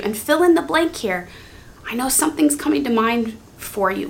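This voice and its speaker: A woman's voice: a little high, animated, normal speed, gravelly, a little hiss or hum. Earnest woman guiding prayer. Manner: earnest and gentle, voicing heartfelt prayers aloud. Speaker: prayer teacher. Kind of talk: guided prayer teaching.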